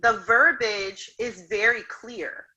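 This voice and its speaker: A woman's voice: fairly high pitch, steady tone, slow, pushed and bright, highs cut off. A woman hosting a podcast interview, affirming her guest and reflecting on what she said. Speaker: podcast host. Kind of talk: interview conversation.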